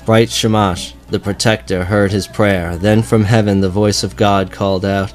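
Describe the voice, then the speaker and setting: A man reading an ancient epic as scripted audiobook narration, in a slow and solemn way. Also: lowish voice, flat delivery. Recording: faint music bed behind.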